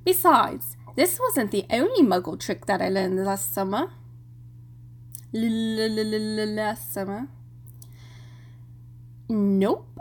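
A woman's voice: medium pitch, lively intonation. A woman playing a teasing young student witch. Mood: playful.

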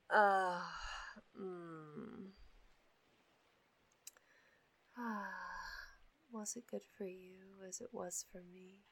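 A young woman performing an intimate audio role-play in a breathy, emotional voice, with soft murmurs and gasps. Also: on the low side. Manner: emotional, gasping, murmured closeness.

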